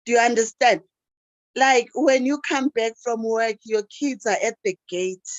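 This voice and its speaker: A woman's voice: fairly high pitch, unhurried, dry recording, poor audio. Emotional woman coaching a call. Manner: emotional, repetitive, keeps addressing listeners as guys. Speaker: teacher and life coach. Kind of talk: motivational talk on a video call. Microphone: video call.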